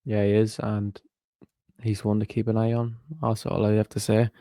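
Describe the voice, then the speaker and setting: Flat, gravelly man. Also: lowish voice, moderate pace, dry recording, studio quality. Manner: teasing, matter-of-fact. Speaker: podcast co-host. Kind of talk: casual football podcast chat.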